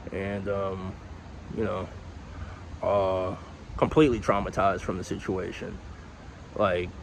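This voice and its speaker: A man's voice: on the low side, a little hiss or hum, rough recording. A young man telling a personal story in a casual storytime vlog, rambling, candid and profane.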